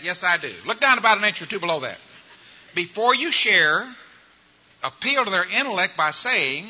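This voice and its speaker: A man's voice: high-pitched, big pitch swings, a little fast, pushed and bright. An older man giving a sermon-style evangelism training talk, telling folksy stories and acting out the voices of the people in them. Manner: folksy storytelling, acts out quoted voices. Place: large church or auditorium. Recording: muffled recording in a large reverberant hall.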